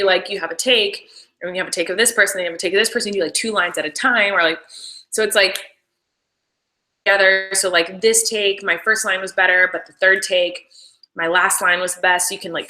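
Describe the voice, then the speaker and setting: Chatty bright-voiced young woman. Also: on the low side, low-quality recording. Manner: chatty, rambling, many "like"s. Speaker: actress commenting on her show. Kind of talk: casual behind-the-scenes commentary.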